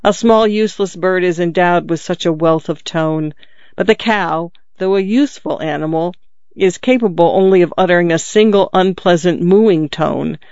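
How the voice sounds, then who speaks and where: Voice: medium pitch, moderate pace, darkish tone, dry recording, lo-fi sound, close to an everyday voice. A reader voicing a skeptical old father who grumbles and philosophizes with dry humor. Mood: philosophizing. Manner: wry, musing, dry humor.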